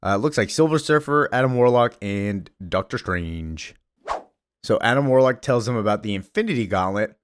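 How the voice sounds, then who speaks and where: A man's voice: mid-range voice, animated, moderate pace, clear, resonant tone, no room sound. A man casually recapping a comic storyline, chatty and full of fillers and wry asides.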